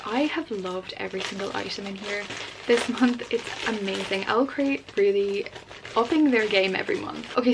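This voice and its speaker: A young woman vlogging casually about books, gushing and excitable, with lots of filler words. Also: mid-range voice, slight background noise, low-quality recording. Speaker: book vlogger. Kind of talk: casual unboxing chat.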